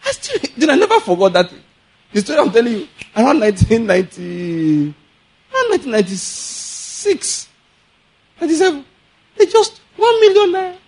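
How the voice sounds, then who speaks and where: A man with a Nigerian accent preaching a sermon, telling animated stories, laughing often and acting out the people he quotes. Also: extremely high pitch, moderate pace, pauses often, breathy edge. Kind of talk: sermon with storytelling.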